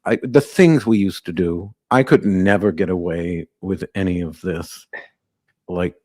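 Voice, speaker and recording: A man's voice: deep voice, measured pace, a little mellow. A man hosting a live call-in podcast, talking in a brash, joking, rambling way. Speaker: podcast host.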